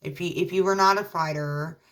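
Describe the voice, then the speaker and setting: Low-voiced woman rambling to camera. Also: steady tone, a bit bright. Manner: rambling, halting, many fillers and restarts; earnest, religious encouragement. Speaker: vlogger; mother. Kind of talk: casual talk to camera.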